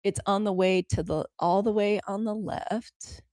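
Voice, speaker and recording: Addressing her audience as y'all, this American livestream news host chats loosely and narrates her way through the app controls as she goes. She speaks a little slowly in a medium-pitched, darkish voice with fairly even intonation, recorded in echo-free studio quality.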